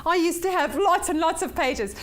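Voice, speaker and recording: A woman's voice: very high-pitched, expressive, normal speed, a bit bright. A woman teaching a weekly personal development workshop, upbeat and repeating points for emphasis while checking in with her class.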